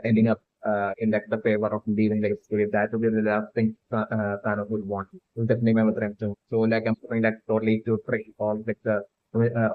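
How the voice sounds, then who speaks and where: In a fairly low voice, a fan theory video maker gives a rambling solo take on a theory, loaded with "like" and "uh" and frequent restarts. The recording lacks room sound yet sounds tinny, as if through a phone.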